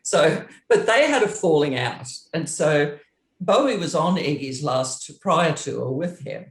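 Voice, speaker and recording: Animated woman telling a backstage story. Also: a little slow, roomy sound. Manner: lively, acts out quoted dialogue with big pitch jumps; laughs often while telling the story. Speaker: interview guest, former touring roadie.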